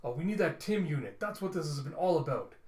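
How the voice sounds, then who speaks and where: A man voicing a gruff smuggler who gripes loudly and bosses others, in a roomy space. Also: a little high, animated, quick pace, lightly acted. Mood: griping. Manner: loud, griping, bossy. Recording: roomy echo.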